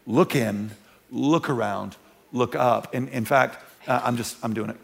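A man preaching a sermon in a church, talking conversationally with repeats and restarts, dropping to hushed tones and rising to loud emphatic peaks. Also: medium pitch, measured pace, vocal fry. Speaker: pastor. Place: church sanctuary.

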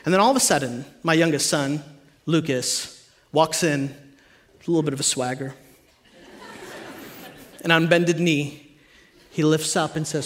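A man in his thirties preaching a sermon in a church, telling animated, humorous family stories to the congregation. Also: a little high, measured pace, pauses often, some chatter behind, slight background noise. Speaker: pastor. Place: church stage before a live audience.

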